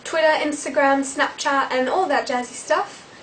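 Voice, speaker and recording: A woman's voice: high-pitched, moderate pace, a bit bright, distant mic, slight background noise, poor audio. A woman, chatting to camera as a vlogger, rambling with lots of fillers.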